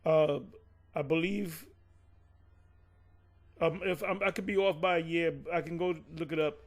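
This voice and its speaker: Rambling man with a higher voice. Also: steady tone, measured pace. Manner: rambling, digressive, self-correcting. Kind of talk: casual Bible teaching discussion.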